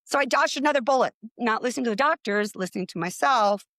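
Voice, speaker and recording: A middle-aged woman telling her own story in casual talk, lively and quick to act out what others said. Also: no room sound. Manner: animated, acts out quoted voices with rising pitch. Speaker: guest.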